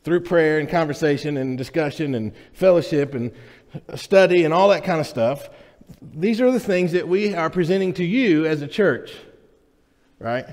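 A pastor with a fairly high, slightly mellow voice preaches to his congregation at a moderate pace, sounding animated. His sermon is conversational and full of jokes, and he keeps checking in with the room. The sound is reverberant, as in a church hall, and he's in the sanctuary.

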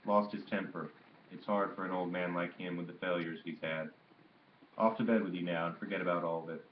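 A man reading the part of a patient old grandmother who speaks softly and calmly, in a dull, roomy recording. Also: deep voice, brisk, a little hiss or hum, close to an everyday voice. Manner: soft and calm, gently scolding.

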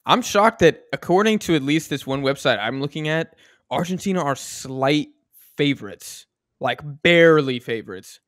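American dude on a football podcast, slangy and fired up, kinda higher voice. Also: male voice, moderate pace, no echo, studio quality. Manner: animated, ranting in slang. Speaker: podcast co-host. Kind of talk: casual sports chat.

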